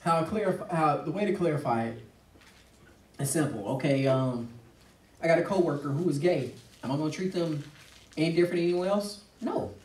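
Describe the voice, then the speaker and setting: Pastor guy preaching hard and quick, acts out other people's voices, echoey room, mic kinda far off. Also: on the high side, darkish tone. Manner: emphatic, acts out quoted voices. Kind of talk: impassioned preaching in discussion. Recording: roomy, distant mic.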